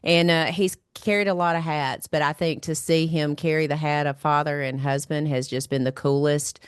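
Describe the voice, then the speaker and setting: A woman's voice: deep voice, steady tone, normal speed, clear, resonant tone, dry recording, studio quality. A woman hosting a podcast, chatting casually and laughing often. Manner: warm-hearted, laughs often. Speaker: podcast host.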